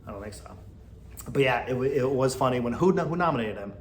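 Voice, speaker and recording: A man's voice: mid-range voice, expressive, fast talker, echoey room, slight background noise. A man hosting a podcast, giving blunt, exasperated commentary and laughing often. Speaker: podcast host. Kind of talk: casual opinion commentary.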